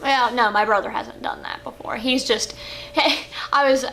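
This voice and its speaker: A young adult woman co-hosting a vlog, telling stories in an animated, chatty way. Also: on the high side, measured pace. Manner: animated, chatty, with fillers and giggles. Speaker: vlog co-host. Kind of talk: casual storytelling chat. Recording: faint background noise.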